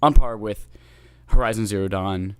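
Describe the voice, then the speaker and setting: A man's voice: fairly low pitch, moderate pace, clear, resonant tone, no room sound. A man co-hosting a casual gaming podcast, talking enthusiastically and teasing his co-host.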